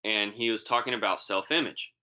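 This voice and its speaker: A man's voice: fairly low pitch, fairly quick, pushed and bright. A young man co-hosting a podcast in casual chat, laid-back and slangy with many fillers. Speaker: podcast co-host.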